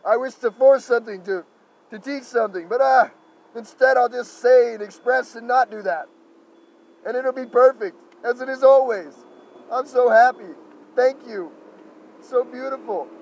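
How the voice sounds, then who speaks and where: Speaking to camera, a male spiritual speaker improvises a gentle, effusive monologue, pausing often and repeatedly offering thanks and loving affirmations. His voice is very high-pitched, and the poor audio carries slight background noise.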